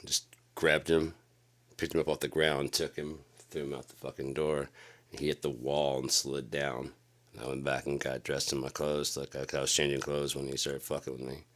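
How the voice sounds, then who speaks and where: A man's voice: a bass voice, little pitch movement, moderate pace, fairly bright tone. A middle-aged man rambling through a profane, casual late-night story, acting out the other people's voices. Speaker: channel host telling a story.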